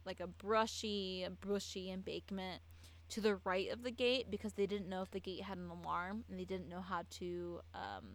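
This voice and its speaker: A woman's voice: medium pitch, fairly even intonation, normal speed, rough recording. A tipsy woman tells a true-crime story in a loose, casual way. She rambles, trips over her words and restarts her sentences as she goes.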